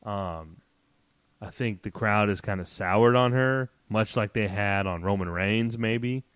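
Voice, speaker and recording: A man co-hosting a podcast, arguing his points in animated, casual chat. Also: fairly low pitch, no echo. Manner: animated and argumentative, drawn-out casual filler. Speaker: podcast co-host.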